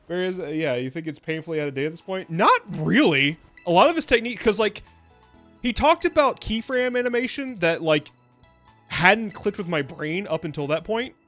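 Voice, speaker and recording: With faint music in the background, a young VTuber with a high, fairly bright voice talks at a moderate pace and lively intonation. He rambles through a casual game stream, laughing frequently and adding silly sing-song asides.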